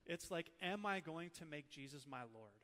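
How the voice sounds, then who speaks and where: A man in his thirties, a preacher from Minnesota, teaching with animated, emotional personal stories. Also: fairly high pitch, moderate pace, big-room sound.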